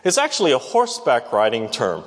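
A man teaches a Bible lesson as a sermon, keeping it conversational and putting questions to the audience. His medium-pitched voice swings hugely in pitch and runs a little fast, with the long reverb of a large hall behind him.

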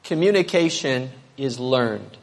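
A man preaching a sermon as pastor, animated, swinging between emphatic high notes and quiet asides. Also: a little slow, gravelly. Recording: long reverb of a large hall.

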